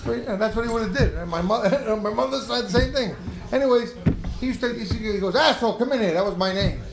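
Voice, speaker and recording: The voice sits high and sounds creaky, moving fairly quickly through an echoey room. It belongs to a middle-aged former boxer who, as a podcast guest, tells profane stories on a club stage, acting out the people in them with animation, in a noisy live recording.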